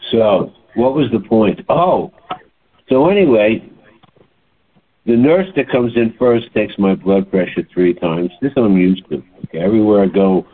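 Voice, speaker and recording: A man in his late seventies telling a story in a chatty, animated way, as a holistic health practitioner. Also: sits low. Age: older. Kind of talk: casual monologue. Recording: tinny phone-like sound.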